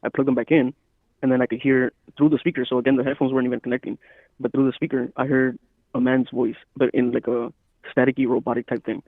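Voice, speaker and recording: A man's voice: medium pitch, flat delivery, fast talker, no room sound. A man telling a rambling story in casual podcast chat, often quoting himself, as a guest calling in by phone. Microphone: phone call. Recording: tinny phone line.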